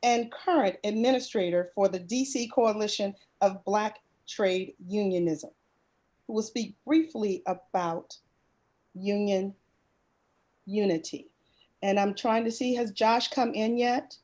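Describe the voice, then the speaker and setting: Unhurried woman moderating an online town hall. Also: medium pitch, a little mellow. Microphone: video call.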